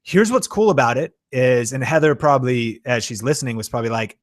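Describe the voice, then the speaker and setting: A man hosting a live-stream Q and A, talking with excitable enthusiasm and plenty of fillers. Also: mid-range voice, a little fast, hardly any pauses. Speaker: YouTube channel host.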